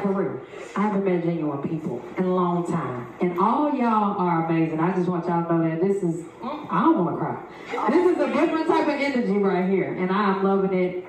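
A woman giving an excited, heartfelt speech to new friends at a party, slangy and quick in bursts. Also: medium pitch. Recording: distant echoey party recording with noise.

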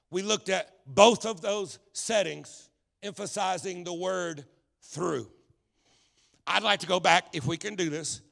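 A man with a drawl preaching at a Pentecostal service, his voice deeply gravelly and hard-edged. He speaks in a fairly high register and swells from steady teaching into shouted, stretched-out refrains. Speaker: pastor. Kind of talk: Pentecostal sermon. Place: church sanctuary, live service.

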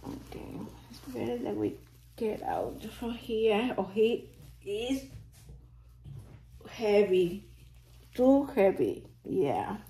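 Slow, gushing woman whispering in awe. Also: a little high, creaky. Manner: gushing, often dropping to an excited whisper. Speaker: reborn doll unboxing vlogger. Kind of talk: casual unboxing commentary.

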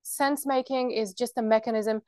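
A woman's voice: a little high, fairly even intonation, moderate pace, a little mellow, no room sound. A woman presenting a practical workshop, explaining earnestly and checking in with her listeners.

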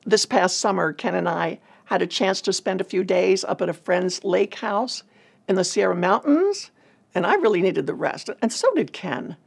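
A woman, a ministry leader, telling a personal testimony in an earnest, measured way. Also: medium pitch, expressive, creaky, breathy edge.

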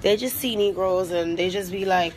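In an airport terminal, a recording artist on tour delivers an angry selfie monologue, ranting, profane and thick with filler words. She speaks at normal speed in a lowish voice, and the noisy phone recording includes vehicle sounds.

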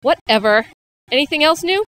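A woman's voice: sits high, animated, moderate pace, fairly bright tone, no room sound. A young woman playing a fed-up teacher in an amateur comedy sketch. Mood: exasperated. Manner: exasperated, swearing when fed up. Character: exasperated female teacher.

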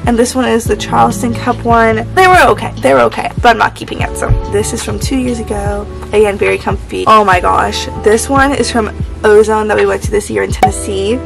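A teenage girl chats casually to her viewers, her talk full of "um" and "like". Her voice is hoarse and gravelly, dropping to near nothing at times. Music plays clearly behind her. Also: medium pitch, a little fast, few pauses. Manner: chatty, many fillers like "um" and "like". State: hoarse, voice partly gone. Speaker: vlogger. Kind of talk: casual vlog chat.

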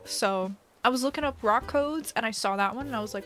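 A woman's voice: high-pitched, animated, fairly quick, few pauses, fairly bright tone. A young woman hosting a casual live stream while playing a game, giggly and chatty, reading chat aloud. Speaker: livestream host.

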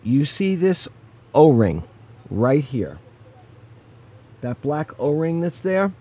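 A man reviews a small gadget at his own pace, slow and unhurried, with a voice sitting a little high for a man. He talks the viewer through each step in a loose, chatty way and stops now and then to apologize for small slips. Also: sing-song, dark tone, breathy edge. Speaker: product reviewer. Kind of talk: hands-on product review.

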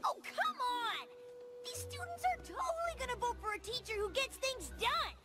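An actress voicing a brash, boastful tomboy pegasus in a cartoon, talking fast and pushy, with a slightly raspy edge. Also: female voice, very high voice, sing-song. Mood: impatient. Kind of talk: cartoon voice acting. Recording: studio voice over cartoon music.

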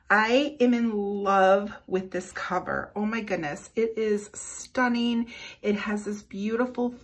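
Slow, gushing woman unboxing planners. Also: mid-range voice, fairly bright tone, slightly rough. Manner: gushing, effusive, slow and lingering on praise. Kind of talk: casual unboxing chat. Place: indoors at a desk.

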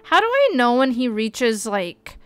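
A young woman streaming a game, chatting excitably and gasping as she plays. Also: fairly high pitch, measured pace, smooth, no echo, faint music behind. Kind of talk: casual gameplay commentary.

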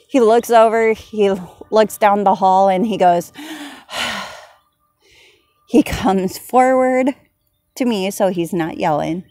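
A woman's voice: medium pitch, a little mellow. A woman vlogger telling a funny story casually, giggling and laughing often as she goes.

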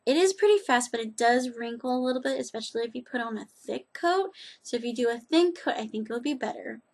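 A woman's voice: a little high, animated, fairly quick. A woman chatting casually in a rambling, self-deprecating way as she reviews nail polish on her vlog.

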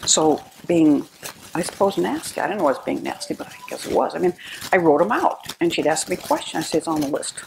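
A woman's voice: lowish voice, big pitch swings, fairly quick, gravelly, a little hiss or hum, poor audio. An older American woman giving a personal talk to an audience, telling stories with wry, self-deprecating humor. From United States. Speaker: speaker, philosopher.

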